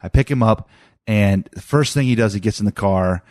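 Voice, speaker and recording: A man's voice: lowish voice, moderate pace, a little mellow, no room sound, clean studio sound. A man in his thirties chatting casually about his son, rambling with many restarts and fillers. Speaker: father telling a family story. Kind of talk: casual chat.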